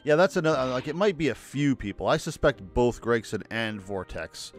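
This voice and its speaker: A man's voice: mid-range voice, lively intonation, moderate pace. A man streaming a video game, joking and chatting casually as he plays. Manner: joking, chatty, laughs often. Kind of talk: casual let's-play commentary. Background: faint game music.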